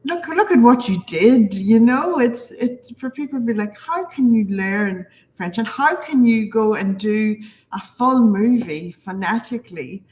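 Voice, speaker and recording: A woman's voice: a little high, expressive, measured pace, darkish tone, low-quality recording. A woman hosting a live interview, affirming and encouraging her guest. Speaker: interview host.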